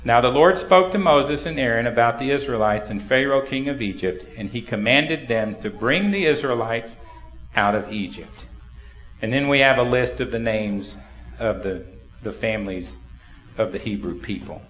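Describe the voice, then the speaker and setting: In a church sanctuary, a male pastor preaches conversationally, putting rhetorical questions to the congregation. His mid-range voice is a bit bright at a normal speed, and the hall is echoey.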